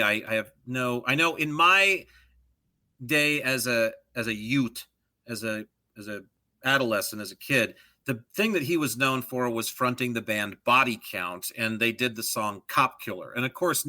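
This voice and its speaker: A middle-aged man co-hosting a podcast in casual chat, digressive and animated, drifting into joke voices. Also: medium pitch. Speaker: podcast co-host.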